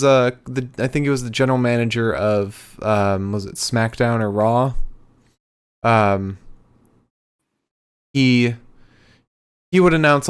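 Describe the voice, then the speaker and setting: A man with a smooth, resonant voice talks through a recap in relaxed podcast chat. He rambles, leaning on frequent ums between thoughts. His pitch sits at an ordinary middle level. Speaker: podcast co-host.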